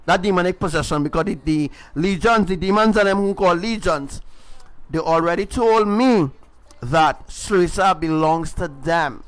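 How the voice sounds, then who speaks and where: A man's voice: high voice, fairly bright tone. A man giving a livestreamed spiritual testimony, emphatic and repetitive, often adding "right?". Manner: repetitive, emphatic storytelling with tag questions. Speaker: self-styled spiritual preacher. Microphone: livestream mic.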